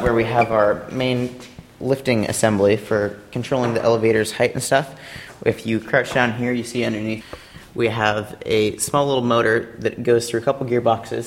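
A young man, eager and rambling, walks through how his team's robot and competition work. His pitch sits in an ordinary middle range, and his talk is casual and explanatory. He adds playful asides as he goes. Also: steady tone, brisk, a little hiss or hum. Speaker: robotics team member.

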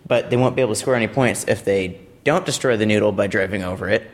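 A man's voice: lowish voice, fast. A young man from a robotics team giving a casual, rambling explanation of a competition robot, with playful asides.

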